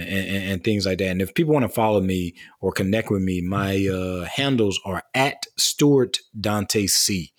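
A man speaking as a guest author in a casual interview, earnest, building long lists with rising emphasis. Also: deep voice.

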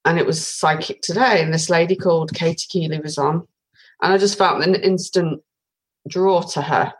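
Woman from Britain, forties, rambling storyteller, slightly low voice, casual interview guest. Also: steady tone, moderate pace, breathy edge, rough recording. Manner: chatty storytelling with many fillers. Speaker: guest, tarot reader.

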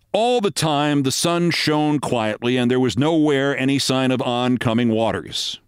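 A man's voice: mid-range voice, clear, resonant tone, dry recording, clean studio sound. A man reading a humorous story aloud in a vivid, dramatic storytelling manner. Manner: vivid storytelling, loudly acting out shouted cries.

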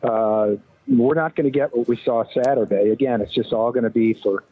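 A man calling in as a guest sportswriter, giving measured analysis built on numbers. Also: mid-range voice, no echo. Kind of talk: phone-in analysis. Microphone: phone. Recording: tinny phone line, dry.

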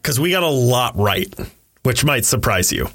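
Bright-voiced man joking about a movie. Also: mid-range voice, moderate pace, slightly rough. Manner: joking, animated, laughs often. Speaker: podcast co-host. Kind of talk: casual movie review chat.

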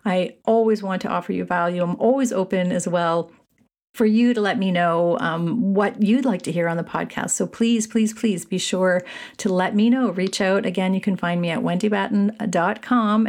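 A woman hosting her own podcast alone into a mic in a small room, chatty and upbeat, often repeating herself warmly. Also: fairly low pitch. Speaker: podcast host. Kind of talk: solo podcast chat. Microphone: studio mic.

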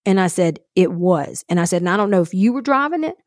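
In clean studio sound with no echo, a woman with a fairly low voice speaks fast as she co-hosts a podcast. She tells a story in casual conversation, animatedly acting out the other people's lines.

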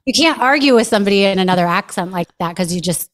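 A woman's voice: mid-range voice, lively intonation, fast talker. A woman chatting casually as a podcast guest, rambling with many fillers. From New York. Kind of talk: casual chat.

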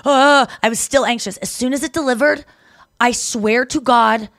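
A young adult woman co-hosting a podcast in casual chat. She tells stories in a lively way, acts out other people's lines, and swears freely. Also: on the high side, moderate pace, dry recording, clean studio sound. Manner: animated storyteller who acts out quotes and swears freely. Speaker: podcast co-host.

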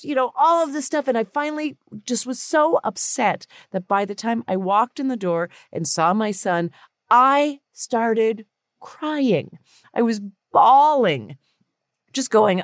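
A woman in her thirties hosting a podcast, telling a personal story in a casual, animated and candid way, with some swearing. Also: mid-range voice, slow, no echo, clean studio sound. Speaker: podcast host. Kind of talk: casual monologue.

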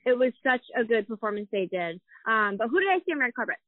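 A woman's voice: fairly high pitch, very animated, fast talker, dry recording, narrow, tinny audio. A woman in her thirties co-hosting a podcast, chatting casually and swearing as she tells gossip stories. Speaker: podcast co-host.

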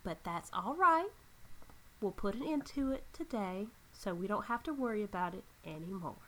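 A woman's voice: mid-range voice, lively intonation, moderate pace, pushed and bright. A woman voicing a cold, scheming female necromancer who talks in a smug, mocking way.

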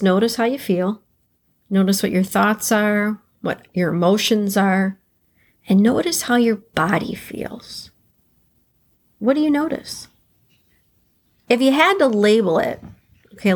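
Woman podcast host, unhurried guided-reflection delivery, a gravelly edge, repeats phrases gently. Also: medium pitch. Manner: slow, calm, repeats key phrases to guide listener.

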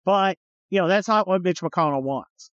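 A man's voice: high voice, normal speed, fairly bright tone, dry recording, highs cut off. A man hosting a political podcast, talking in a sarcastic, mocking and blunt way, with swearing. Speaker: podcast host. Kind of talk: political commentary monologue.

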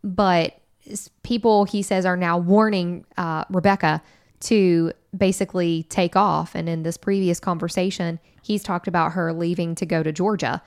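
Low-voiced woman co-host, measured. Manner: measured, even-handed. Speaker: podcast co-host. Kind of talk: casual commentary.

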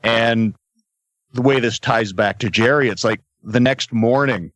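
A middle-aged man chatting as a podcast guest, his voice sitting at an ordinary pitch. He tells stories with energy, acting out quotes along the way. The sound is dry, with no room around it. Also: unhurried, dry recording, low-quality recording. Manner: animated storyteller, acts out quotes. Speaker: podcast guest, former wrestler. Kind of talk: casual storytelling. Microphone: podcast mic.

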